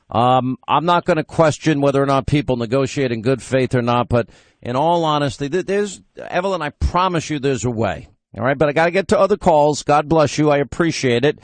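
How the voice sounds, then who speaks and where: A man hosting a talk radio show, brisk and teasing with callers, on a close studio mic. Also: fairly high pitch, dry recording. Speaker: radio host.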